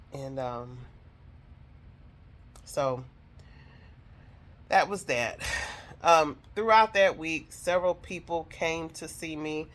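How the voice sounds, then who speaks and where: A woman's voice: low voice, a bit bright. A woman telling viewers a personal story in an emotional, heartfelt way, speaking straight to them. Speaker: vlogger telling her own story.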